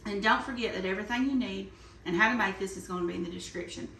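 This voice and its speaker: A woman's voice: medium pitch, quick pace, vocal fry, fairly bright tone, slight background noise. A woman, hosting a cooking video in her home kitchen, chatting in a homey, folksy way. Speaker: cooking channel host. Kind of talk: casual cooking vlog chat. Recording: echoey kitchen, voice a bit far from mic.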